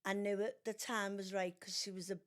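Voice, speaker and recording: Her voice is medium-pitched and brisk. An older woman guesting on her child's podcast, she chats casually through family stories, animatedly performing everyone's lines in raised voices.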